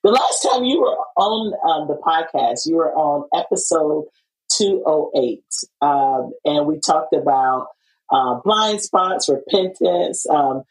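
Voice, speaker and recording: Low-voiced woman podcast host. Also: slow, rough recording. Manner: animated, laughing, many fillers and restarts. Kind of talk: casual interview chat.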